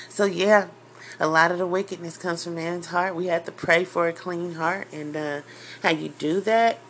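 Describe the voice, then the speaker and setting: A woman's voice: on the low side, slight background noise. A woman preaching an informal sermon, emotional and near tears, rising into impassioned, emphatic outbursts.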